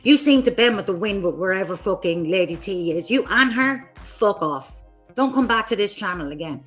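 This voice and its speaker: A woman's voice: mid-range voice, animated, moderate pace, soft background music. A woman hosting her own livestream, delivering an angry, profane, confrontational rant at other creators. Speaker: streamer host.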